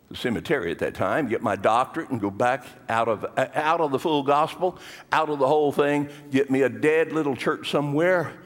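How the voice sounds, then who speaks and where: Older pastor preaching in a reverberant hall. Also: male voice, medium pitch. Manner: dramatic storytelling, swinging between hushed and raised. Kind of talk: sermon.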